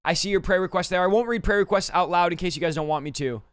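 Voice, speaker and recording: A man hosting a livestream, quickly thanking donors and stumbling over names, a little out of breath. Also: sits high, no echo. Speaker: livestream host.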